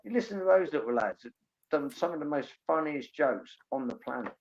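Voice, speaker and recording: A man's voice: fairly high pitch, animated, brisk, lo-fi sound. A man from England, telling rambling, enthusiastic stories in casual chat.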